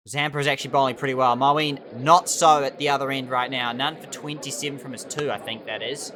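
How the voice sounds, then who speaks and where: A young man giving excitable, animated play-by-play commentary over a cricket management game. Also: medium pitch, a little fast, few pauses, noisy background. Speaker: gaming channel host.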